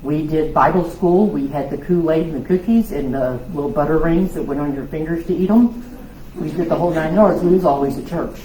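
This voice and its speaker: Loud woman telling her story. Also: low-pitched, a little fast. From South Louisiana. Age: 60s. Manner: loud, lively storytelling with laughs and acted-out voices. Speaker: women's conference speaker. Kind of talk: personal testimony talk. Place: church hall. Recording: echoey hall with faint noise.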